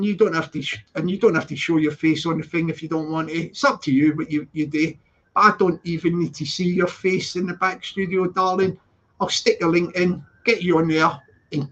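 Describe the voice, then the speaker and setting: A man chatting casually on a live stream from his flat, repeating phrases and laughing a lot as he greets viewers. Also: sits high, highs cut off. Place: flat with balcony door open.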